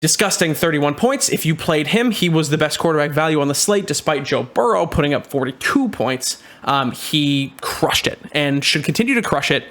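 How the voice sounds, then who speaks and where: A man's voice: a little high, animated, moderate pace, few pauses, fairly bright tone. A young man giving casual fantasy football commentary, talking loosely with lots of ums, uhs and restarts. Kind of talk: casual screen-share commentary.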